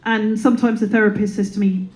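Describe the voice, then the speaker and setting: On stage at a comedy club, a thirty-something woman jokes at her own expense and slips into goofy voices while the live crowd laughs. She speaks quickly at a medium pitch with fairly even intonation, and the recording is rough.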